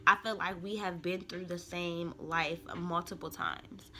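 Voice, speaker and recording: A woman's voice: lowish voice, fairly even intonation, unhurried, sharp tone, slight background noise. A young woman, a tarot reader, chatting casually and loosely to her viewers in slangy, rambling talk. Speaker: tarot reader and spiritual vlogger. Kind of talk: casual rambling smoke-session chat.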